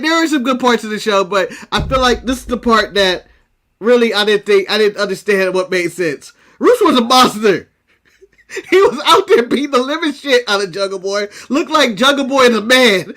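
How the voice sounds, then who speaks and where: An American man co-hosting a podcast, chatting casually in an animated, joking, opinionated way and laughing often. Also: extremely high pitch. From United States. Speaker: co-host of a wrestling podcast. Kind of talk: casual chat.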